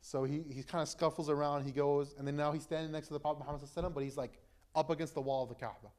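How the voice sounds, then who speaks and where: A young man, an imam, retelling a story to a gathering in a relaxed, conversational way, full of fillers and restarts. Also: fairly high pitch, very fast. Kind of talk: casual storytelling talk.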